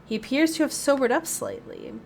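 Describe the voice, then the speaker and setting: A woman's voice: sits high, wildly swooping pitch, fairly quick, gravelly, a little mellow. A woman hosting a gaming video, chatting casually to her viewers as she plays. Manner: chatty, addresses viewers directly. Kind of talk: casual gameplay commentary.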